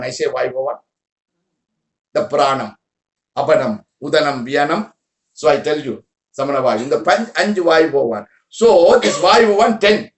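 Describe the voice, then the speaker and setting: A man giving an informal spiritual talk to followers in broken English, repeating words and asking listeners questions. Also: high voice. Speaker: spiritual teacher. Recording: roomy echo.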